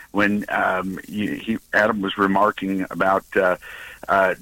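Man, sixties, caller, low voice, husky, halting, lots of fillers. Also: sharp tone, poor audio. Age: 60s. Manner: halting, many fillers and restarts. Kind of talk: telling a personal story on a call-in show.

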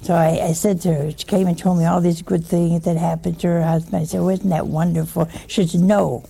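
A woman's voice: lowish voice, flat delivery, a little fast, vocal fry, mellow. A woman giving a chatty sermon, teasing her listeners with rhetorical questions and humor. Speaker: religious teacher. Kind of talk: conversational sermon.

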